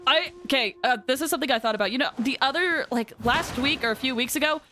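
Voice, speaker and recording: A woman's voice: high voice, fast, pushed and bright, a little hiss or hum. A young woman streaming a game, chatting with viewers in a bubbly, giggly way. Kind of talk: casual live-stream chat.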